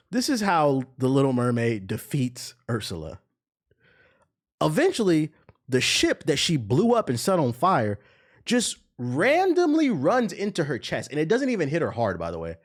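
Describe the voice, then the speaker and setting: A man's voice: fairly high pitch, wildly swooping pitch, unhurried. A young man streamer ranting in casual, profane commentary, now and then mocking voices.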